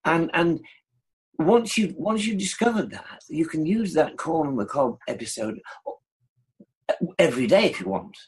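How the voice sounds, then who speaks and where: A man's voice: fairly high pitch, animated, unhurried, pauses often, husky. A man from the United Kingdom with a British accent, an interview guest speaking in an earnest, emphatic way. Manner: earnest and emphatic, repeats himself. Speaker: guest, dementia advocate. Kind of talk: casual interview chat.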